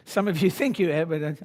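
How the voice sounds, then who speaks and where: In a conference room before an audience, a brash man in his sixties gives a motivational seminar talk. His voice sits high for a man, and he swings between muttered low asides and loud, pitched-up rallying.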